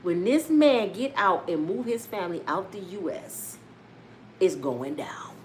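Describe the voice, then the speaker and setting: A woman giving casual, profane celebrity gossip commentary in a loud, animated way. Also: mid-range voice, measured pace, a little hiss or hum. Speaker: vlogger.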